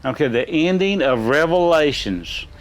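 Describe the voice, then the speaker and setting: A man's voice: fairly high pitch, animated, unhurried, soft background music. A middle-aged man, a dad hosting a trivia chat, answering in rambling, folksy explanations. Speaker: quiz host, a gamer's dad answering questions. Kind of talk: casual chat.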